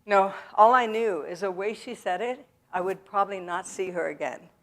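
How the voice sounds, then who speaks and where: A woman speaking in a church, telling her own story to the audience in a halting way, with many pauses and fillers. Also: mid-range voice. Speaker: guest speaker at a recovery event. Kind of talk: personal testimony to a church audience. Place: church sanctuary.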